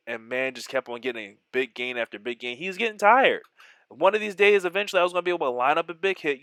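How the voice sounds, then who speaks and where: A man giving excitable play-by-play of his own football video game, mixing in joking, self-deprecating asides. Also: mid-range voice, smooth, no echo. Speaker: gaming YouTuber.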